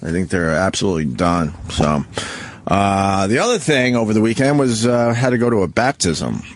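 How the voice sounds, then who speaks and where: A man's voice: lowish voice, very animated, moderate pace. A middle-aged man hosting a radio show, talking bluntly and with lots of swearing in casual banter. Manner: blunt, profane, exasperated.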